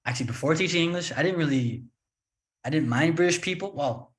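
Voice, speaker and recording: A man's voice: a little high, fairly quick. A man from Canada hosting a casual interview, chatty and opinionated, joking as he talks. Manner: chatty, opinionated, restarts and jokes. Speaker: host and English teacher.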